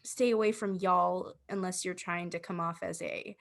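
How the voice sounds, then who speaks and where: A woman's voice: lowish voice, fairly even intonation, moderate pace, gravelly, a bit bright. A young woman co-hosting a casual comedic podcast, dry and teasing as she gives advice. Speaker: podcast co-host.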